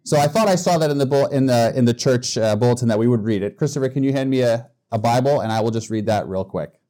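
Mellow-voiced, chatty guest preacher, a man. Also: mid-range voice, fast. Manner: conversational, joking, with small restarts. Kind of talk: sermon. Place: church.

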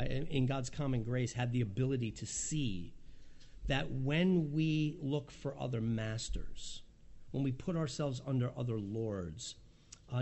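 A man's voice: mid-range voice, warm tone. A middle-aged man preaching a sermon in an earnest way, reading quotes aloud and repeating words when he presses a point. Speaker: pastor.

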